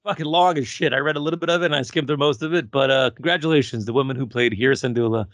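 A man's voice: mid-range voice, very fast, no room sound. A middle-aged man co-hosting a casual fan podcast, rambling with fillers and restarts. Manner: rambling with fillers and repeated starts. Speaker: podcast co-host.

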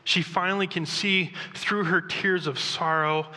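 A man preaching a sermon as pastor, chatty and animated, with offhand asides. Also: high voice, measured pace, in a large hall.

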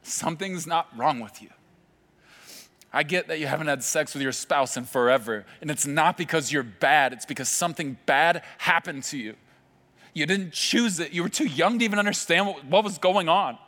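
A male pastor preaching a sermon, telling a vivid story with dramatic pauses. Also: fairly high pitch, pushed and bright. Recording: long hall reverb with faint music. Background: faint music.

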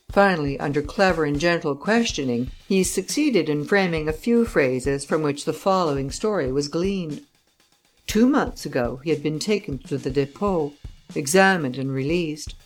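A woman narrating an audiobook chapter in a measured, even storytelling manner. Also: deep voice. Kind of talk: scripted narration.

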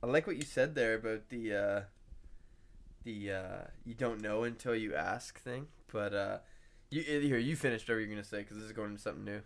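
A man's voice: lowish voice, brisk, vocal fry. A young man co-hosting a podcast, rambling in casual chat with many filler words. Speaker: podcast co-host.

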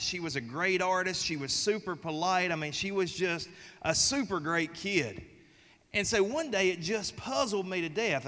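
A man with a Southern US accent preaching a sermon, telling folksy stories in an animated way. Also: high-pitched, big-room sound. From American South. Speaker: pastor.

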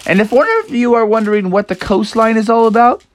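A young woman telling an improvised storybook adventure to children in a lively, playful way. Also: on the high side, fast talker.

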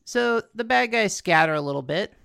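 Her mid-range voice is animated, fairly bright, and clean, with some vocal fry, and she speaks at a normal speed. As a co-host in a casual chat, she rambles through a cartoon episode recap, full of fillers and restarts.

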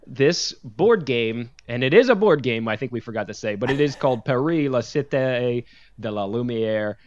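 A man's voice: medium pitch, animated, moderate pace, dull audio. A man co-hosting a podcast in casual chat, joking and sarcastic, with lots of fillers and restarts. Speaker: podcast co-host.

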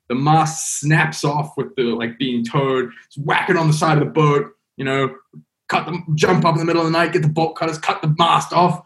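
A man, a podcast guest, telling a story in a casual, animated way, with lots of fillers and restarts. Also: on the high side. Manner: animated, rambling, heavy on fillers.

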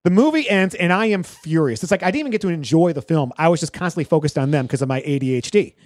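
A man co-hosting a movie podcast, telling stories in an animated way and laughing often. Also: fairly high pitch, quick pace, dry recording, studio quality. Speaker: podcast co-host. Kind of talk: casual movie review chat.

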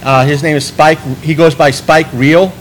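A man hosting a podcast in casual chat, rambling and restarting his sentences, animated when he quotes people. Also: fairly high pitch, normal speed, a little hiss or hum, low-quality recording. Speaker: podcast host.

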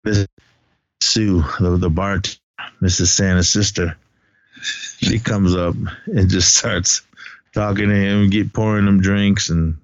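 A man's voice: low voice, fairly even intonation, slow pace, long pauses, no room sound. A man casually recapping movie scenes with a co-host, swearing freely and laughing at the jokes. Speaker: podcast co-host. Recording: dull lo-fi recording.

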